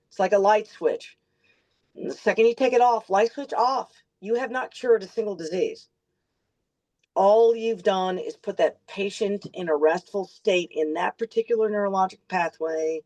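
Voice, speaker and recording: A woman practitioner explaining in a brisk, emphatic way on a group call. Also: medium pitch, a little mellow, poor audio. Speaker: medical practitioner speaker.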